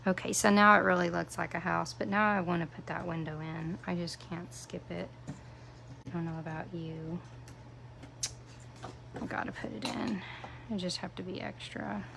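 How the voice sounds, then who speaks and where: A woman's voice: on the low side, steady tone, moderate pace, gravelly, long pauses, heavy background noise. A woman demonstrating a craft project on a live stream, chatting casually and answering viewers' comments by name. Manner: self-deprecating, playful asides.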